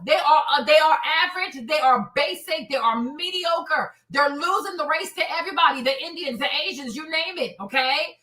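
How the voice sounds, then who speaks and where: A woman's voice: high voice, sharp tone, echoey room. A woman hosting a live stream, ranting in a heated, profane, repetitive way. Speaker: streamer host.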